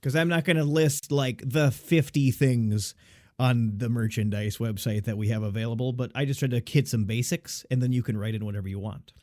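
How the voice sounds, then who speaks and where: A man's voice: mid-range voice, fairly even intonation, brisk, darkish tone, no echo, studio quality. A man co-hosting a casual podcast, joking and teasing his partner. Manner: joking, teasing, laughs often. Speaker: podcast co-host.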